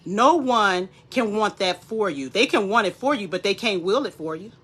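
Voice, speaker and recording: Lady vlogger, bright voice, preachy pep talk to the camera. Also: medium pitch, moderate pace, breathy edge. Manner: animated, preachy, speaks straight to viewers. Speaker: wellness vlogger. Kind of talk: casual motivational talk.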